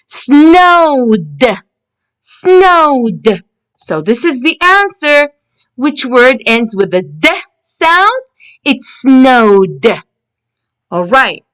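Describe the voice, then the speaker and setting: A woman teaching an English phonics lesson, repeating each word slowly and stretching out its ending. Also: a little high, a bit bright.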